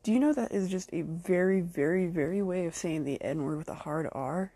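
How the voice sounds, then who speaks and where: Gravelly, husky woman ranting angrily. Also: fairly low pitch, moderate pace, dark tone, dry recording. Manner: angry and profane, swearing heavily; blunt, speaks directly to her critics. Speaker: podcast host. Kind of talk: solo opinion rant.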